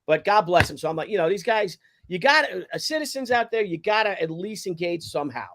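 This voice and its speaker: Guy on a live chat show, highish voice, tells stories loud and fast, swears, laughs. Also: lively intonation. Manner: acts out shouted quotes, swears, laughs often. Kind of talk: casual chat, animated storytelling.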